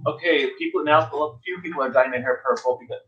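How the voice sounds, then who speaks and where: A man's voice: on the high side, fast talker, sharp tone, lo-fi sound, soft background music. A man chatting casually and joking while signing autographs by a pool. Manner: chatty, jokey. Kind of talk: casual chat. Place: outdoors by a pool. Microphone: laptop microphone. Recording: echoey poolside, laptop mic.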